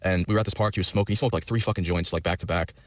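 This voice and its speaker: Fast-rambling low-voiced man, dry sound. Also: fairly even intonation, dry recording. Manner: rambling, heavy swearing, many fillers. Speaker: storyteller in a reacted-to clip. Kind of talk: rambling profane storytelling.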